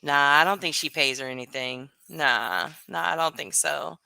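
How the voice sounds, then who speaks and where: Brief: woman streamer, blunt and salty, bright smooth voice, dry close sound. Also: low voice, moderate pace, no room sound. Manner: blunt, profane, animated, greeting chat by name. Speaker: live streamer. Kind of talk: casual livestream chat.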